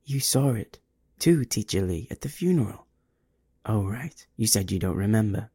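Storybook figure: a creepy thin-voiced companion, pitying and mocking, read by a man in a dark, husky tone. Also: medium pitch, animated, moderate pace, dry recording.

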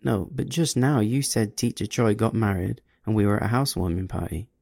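A man voicing a frightened, confused woman teacher who insists shakily on what she heard, higher than his own voice. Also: a little fast, gravelly, a little mellow, no echo, clean studio sound. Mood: confused, insistent. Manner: trembling yet insistent.

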